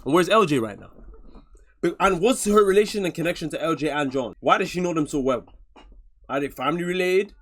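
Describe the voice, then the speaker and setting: A man reacts out loud in rough, slangy commentary, swearing and disbelieving. His voice sits fairly high for a man. It rises and falls a lot as he talks. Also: lively intonation, fairly quick. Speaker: reaction video host.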